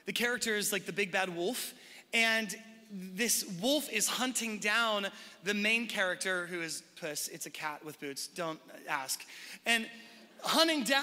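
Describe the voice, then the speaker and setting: A man with a high, very bright voice preaching to his congregation. He talks in a loose, conversational way, full of quick asides. His voice rings through a large church hall with a long reverb. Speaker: pastor. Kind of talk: sermon. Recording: live sermon in a reverberant hall.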